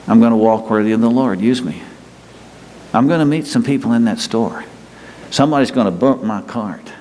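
Pastor, mid-pitched, chatty joking sermon style, big reverberant church sound. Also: male voice, moderate pace, a little mellow. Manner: folksy, joking asides with the congregation. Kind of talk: conversational sermon. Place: church sanctuary with congregation. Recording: long hall reverb, faint ambient noise.

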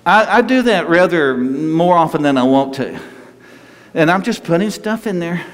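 Folksy pastor in a reverberant hall. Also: male voice, fairly high pitch, expressive, moderate pace. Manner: folksy, joking asides with the congregation. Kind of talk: conversational sermon. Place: church sanctuary with congregation. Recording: long hall reverb, faint ambient noise.

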